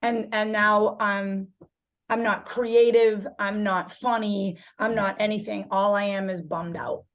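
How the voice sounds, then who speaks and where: A woman yoga instructor talking candidly as a podcast guest, animated, swearing freely and restarting her sentences as she searches for words. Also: mid-range voice, unhurried. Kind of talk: casual podcast conversation.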